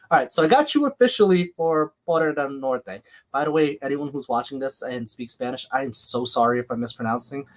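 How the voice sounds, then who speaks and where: Speaking at an ordinary middle pitch with a slight lisp, this livestream host runs a live watch-along. His easygoing, chatty talk jumps between calling the action and responding to viewer comments.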